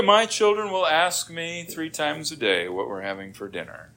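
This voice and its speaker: A man's voice: on the low side, sing-song, moderate pace, pushed and bright, slight background noise. A middle-aged man preaching a sermon as pastor, acting out quoted grumbling and prayers in a dramatic way.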